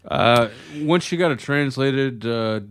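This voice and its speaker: A man's voice: mid-range voice, slow, clear, resonant tone. A man co-hosting a comedy news podcast, reading stories aloud and cracking dry jokes. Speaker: podcast co-host. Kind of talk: casual comedic news chat.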